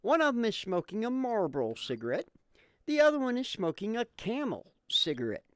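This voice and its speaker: A man's voice: high-pitched, brisk, dry recording, clean studio sound. A man telling a long joke in casual voice chat, rambling and laughing as he goes. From southeastern United States. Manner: rambling, laughing, animated storyteller. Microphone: headset in online voice chat.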